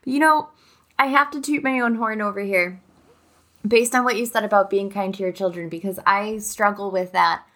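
Candid, laughing mom chatting casually. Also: female voice, medium pitch, moderate pace, fairly bright tone. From upstate New York. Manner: candid, profane and laughing often. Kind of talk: casual chat.

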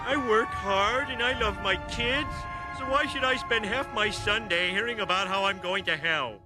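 Actor doing a high whiny cartoon dad, defensive grumbler, loud music under him. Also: male voice, moderate pace, lightly acted, rough recording. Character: grumbling lazy cartoon family man, defensive. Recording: clip with loud music behind.

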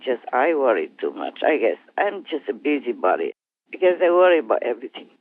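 A woman speaking as a spiritual teacher, talking gently and in a rambling way with hesitations. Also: a bass voice, big pitch swings, fairly quick, dry recording. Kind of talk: casual talk over a phone line. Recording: tinny phone line, dry.

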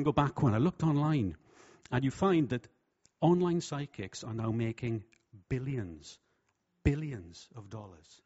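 A man preaching a sermon with humour, lively and jokey, slipping into voices for quotes. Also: mid-range voice. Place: church hall. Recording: dull, lo-fi sound.

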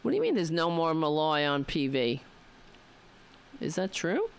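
A woman's voice: low voice, wildly swooping pitch, moderate pace, creaky, clear, resonant tone. A woman with a New York accent hosting a political talk radio show, chatting to listeners in a rambling, wry way.

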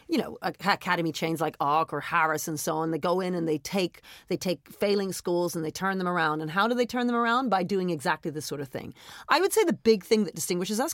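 A woman headteacher, talking in an interview in an emphatic, animated way and often adding "I mean" and "right?". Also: low voice, no room sound, clean studio sound. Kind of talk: interview conversation.

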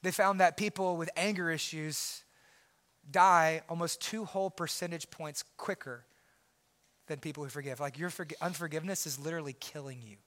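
A man delivers a sermon as pastor with a high, bright, forceful voice. He swings from loud, emphatic declarations to hushed, intense asides. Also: moderate pace.

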